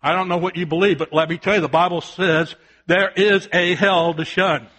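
An older man preaching a sermon, telling a folksy family story and swinging from loud shouted warnings to soft, quiet appeals. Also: high-pitched, fairly even intonation, normal speed.

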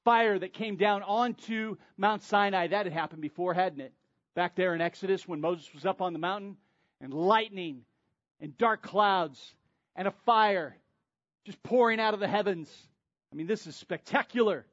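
A man preaching a sermon, dramatic, swinging between loud emphasis and near-whispers. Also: sits high, moderate pace, no echo, lo-fi sound. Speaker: pastor.

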